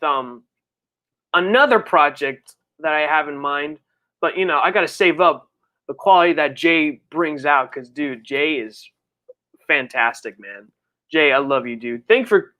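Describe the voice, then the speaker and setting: A streamer chatting casually on a live birthday stream, reading viewer messages and rambling in slang, with sudden high, excited outbursts. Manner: rambling, slangy, full of fillers. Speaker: livestreamer and comic creator.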